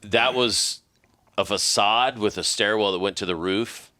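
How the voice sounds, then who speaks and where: A middle-aged man telling a profane, animated story in casual podcast chat. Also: on the low side, unhurried, no room sound.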